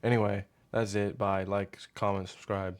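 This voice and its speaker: A man's voice: on the low side, flat delivery, normal speed. A young man ranting casually to camera as a vlogger, rambling and profane, often losing his train of thought. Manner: acts out his boss in a hushed mock voice.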